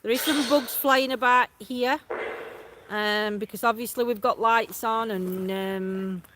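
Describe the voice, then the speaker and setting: A woman's voice: on the high side, steady tone, unhurried, a bit bright. Brief: female paranormal host, coaxing tone, outdoor night shoot, long reverb tail, faint hiss. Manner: coaxing, speaks out to spirits. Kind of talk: live ghost-hunting commentary.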